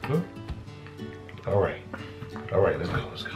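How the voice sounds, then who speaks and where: Low-voiced man gently bargaining with a baby. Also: expressive, unhurried, lo-fi sound, over music. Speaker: co-host partner. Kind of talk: casual family vlog. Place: home, indoors.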